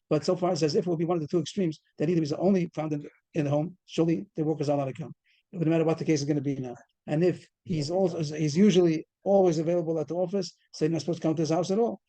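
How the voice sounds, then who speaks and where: A man's voice: on the high side, dark tone. A man teaching a Talmud class over a video call, explaining a case step by step and quizzing the students. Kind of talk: fast Talmud study lecture.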